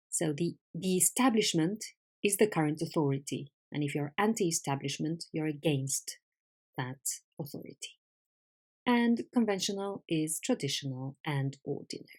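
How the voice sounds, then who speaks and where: A woman's voice: lowish voice, moderate pace. Patient woman teaching English vocabulary. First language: Spanish. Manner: patient, clear, lively questioning. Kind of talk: recorded vocabulary lesson.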